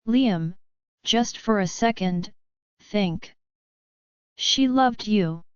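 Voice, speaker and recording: A concerned, protective brother talks with earnest urgency, voiced by a woman reading the story. The delivery is slow and very smooth. The sound is dry and slightly dull. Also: mid-range voice, dry recording.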